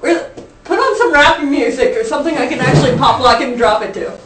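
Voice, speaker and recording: A woman's voice: sits high, animated, fairly quick. A young woman, goofy and laughing, protesting in mock alarm. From the American South. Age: young adult. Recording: echoey, distant mic, clear background noise.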